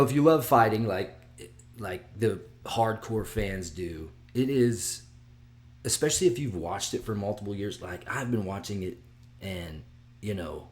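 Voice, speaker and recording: A man hosting his own video, talking excitedly and rambling, with frequent restarts and sudden drops to a mutter. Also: on the low side. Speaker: vlog host giving fight picks. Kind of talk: casual solo video chat.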